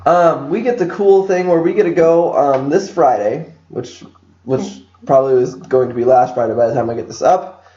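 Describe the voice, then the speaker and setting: A man's voice: on the high side, moderate pace, warm tone. A young man hosting a casual podcast with friends, joking, rambling and laughing often. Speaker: podcast host. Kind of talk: casual chat. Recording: echoey room, dull lo-fi mic.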